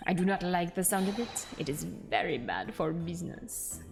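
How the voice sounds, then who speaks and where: A woman's voice: fairly low pitch, animated, moderate pace, creaky, music in the background. A woman voicing a boastful middle-aged male balloonist in a put-on comic foreign accent, hammy and dramatic. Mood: indignant.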